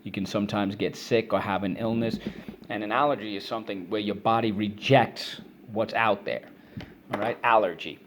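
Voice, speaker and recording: This online reading lesson for children has a man drilling phonics and vocabulary words at a brisk clip, prompting and praising the listeners. His voice is lowish with a steady tone, and a slight hiss or hum sits under it.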